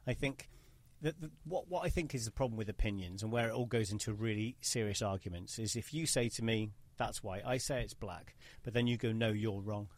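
A man's voice: fairly low pitch, a little fast, hardly any pauses. A man hosting a podcast in casual conversation, talking in an opinionated, emphatic and rambling way. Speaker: podcast host. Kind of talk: casual interview chat.

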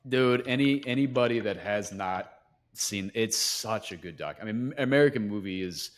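A man's voice: fairly low pitch, lively intonation, moderate pace. A man hosting a casual podcast chat, enthusiastic and laid-back, calling his guest dude. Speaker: podcast host.

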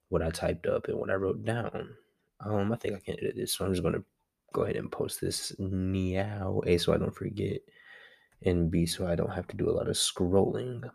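A man's voice: low-pitched, creaky, darkish tone, husky. A young man, a student, talking through a class assignment in a casual, rambling way, correcting himself and using slang.

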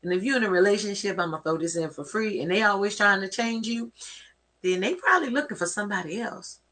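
A woman's voice: medium pitch, fast talker, a bit bright. A woman hosting a show, giving an encouraging, preachy talk that quotes scripture. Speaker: host. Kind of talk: inspirational talk.

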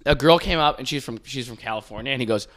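A man from New York telling stories in casual comedic podcast chat, swearing freely and acting out hecklers in loud voices. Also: medium pitch, fast.

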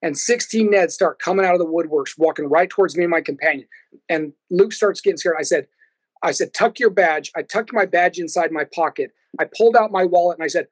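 A man's voice: sits high, a little fast, dry recording, low-quality recording. A man who is a podcast guest, telling stories in a casual chat and laughing often.

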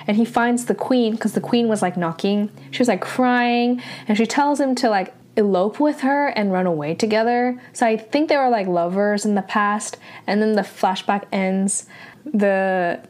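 Young woman, casual recap vlogger; rambling, filler-heavy delivery, animated and exasperated when reacting. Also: mid-range voice.

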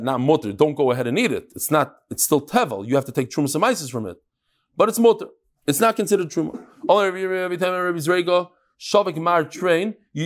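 A man leads a Talmud class, reading passages aloud and then breaking them down in quick explanations. His voice sits a bit high and rises and falls animatedly as he poses questions and answers them. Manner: animated, shifts between Aramaic reading and English explanation. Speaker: Talmud teacher.

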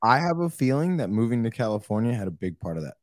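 A man's voice: medium pitch, fast talker, no echo, studio quality. A man from Oklahoma, a guest on a podcast, talking casually and acting out other people's lines. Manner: animated, acts out other people's lines in mock voices. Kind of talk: casual conversation.

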